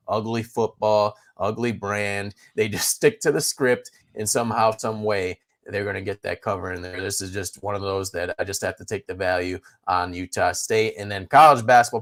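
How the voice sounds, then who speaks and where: Man, betting analyst, fairly low voice, steady, analytical, lots of spreads and stats. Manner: steady, analytical, rattles off numbers. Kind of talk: sports betting picks breakdown.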